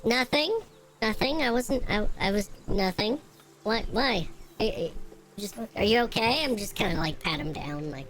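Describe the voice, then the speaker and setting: A woman playing a tabletop game, speaking quickly, playfully and evasively. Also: medium pitch, expressive, a bit bright, poor audio. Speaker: player. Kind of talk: tabletop role-play.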